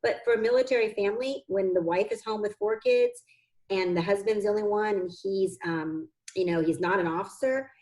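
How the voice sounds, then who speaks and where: A woman guest in a conversational interview tells her story as an adoptive mother. She sounds heartfelt and earnest, close to tears, with a voice of middling pitch. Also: fairly quick, a little mellow, low-quality recording.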